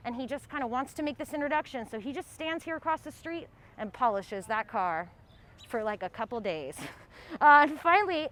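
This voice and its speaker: A woman tour guide telling history as a casual, lively story to a group on an outdoor city street. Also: high-pitched, a little hiss or hum.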